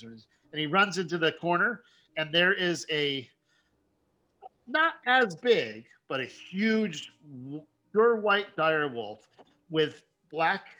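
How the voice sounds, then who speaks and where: A man running a tabletop game as game master, narrating haltingly with frequent laughs. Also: fairly high pitch, sing-song, pushed and bright. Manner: halting, laughs often, many fillers.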